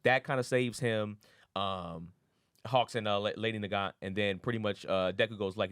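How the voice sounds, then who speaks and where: A man's voice: fairly low pitch, normal speed, smooth, no echo, clean studio sound. A man co-hosting an anime podcast, retelling episodes in slangy casual chat and acting out characters' lines. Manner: animated retelling with slangy voiced impressions, frequent profanity. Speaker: podcast co-host.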